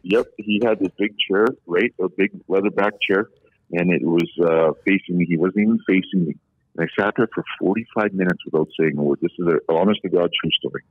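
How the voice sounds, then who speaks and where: A man in his forties with a low voice spins long, candid stories in an easygoing way. He sounds like he is on a remote call, with a thin phone-line tone. The sound is dry, with no room around him. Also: fairly quick, dry recording. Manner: long-winded, candid storyteller. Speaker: podcast guest, former pro hockey player. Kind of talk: casual anecdotal storytelling.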